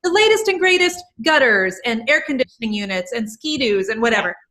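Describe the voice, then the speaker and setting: A woman's voice: a little high, expressive, sharp tone. A woman being interviewed over a video call, an entrepreneur talking emphatically and piling up examples in casual chat. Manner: emphatic, rapid-fire talker who lists examples. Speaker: guest entrepreneur.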